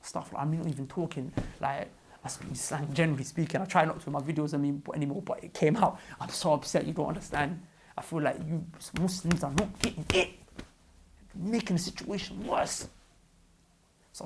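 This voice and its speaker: Male vlogger-preacher, rapid and husky, impassioned and pleading. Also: on the high side. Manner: fervent, pleading, often repeats himself. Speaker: online preacher and fundraiser. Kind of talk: impassioned vlog address.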